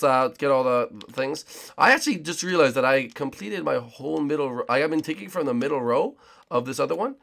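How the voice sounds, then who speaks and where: Young male host for hyped gameplay commentary: raspy, fry-heavy voice with a bouncy, lively delivery. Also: medium pitch, fast. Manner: hyped, repeats himself, calls out other players. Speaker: gaming channel host.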